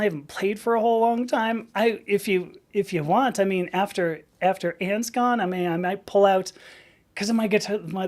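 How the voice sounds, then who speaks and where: A woman's voice: medium pitch, darkish tone. A woman hosting a live stream, chatting casually in a rambling way and laughing often.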